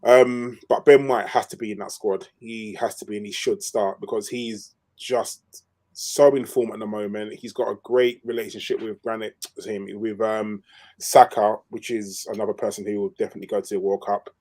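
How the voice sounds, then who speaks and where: A man's voice: on the low side, level tone, moderate pace, a little mellow. A man co-hosting a fan podcast, giving strong football opinions in an emphatic way with fillers. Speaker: podcast co-host. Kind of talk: casual football chat.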